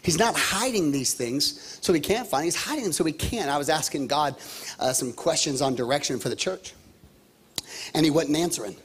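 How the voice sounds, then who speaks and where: A pastor in his thirties preaching a lively sermon, repeating himself and calling out to the congregation. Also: a little high, normal speed, a little hiss or hum. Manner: animated, repetitive, calls out to the congregation.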